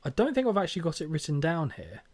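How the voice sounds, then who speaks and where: A man's voice: fairly high pitch, wildly swooping pitch, fast talker, a little mellow. A man co-hosting a podcast, joking and bantering while he reads from his notes. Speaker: podcast co-host. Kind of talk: casual chat reviewing a wrestling event.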